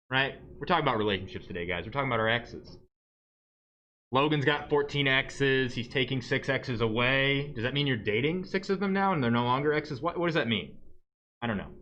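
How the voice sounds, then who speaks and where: A man's voice: mid-range voice, a bit bright, muffled recording. A man teaching a math lesson to his class in a chatty, joking way, often checking in with questions. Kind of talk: live-streamed classroom lesson.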